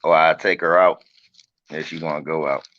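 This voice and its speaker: A man's voice: a bass voice, little pitch movement, moderate pace, lo-fi sound. A man chatting on a livestream in a brash, profane, joking way and teasing his viewers. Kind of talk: casual livestream chat.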